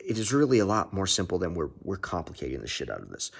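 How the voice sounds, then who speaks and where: A man's voice: low-pitched, huge pitch swings, fast, vocal fry, husky. A young man vlogging a casual, heavily profane self-help pep talk. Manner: heavy swearing, pep-talk.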